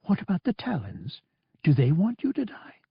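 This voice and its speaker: A young woman pilot, worried and angry at once, pleading and insisting, as a male audiobook reader voices her. The lifted voice swings widely and sounds a little husky. The recording is dry and dull. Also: on the high side, wildly swooping pitch, moderate pace, no room sound, voice pushed up, exaggerated voice.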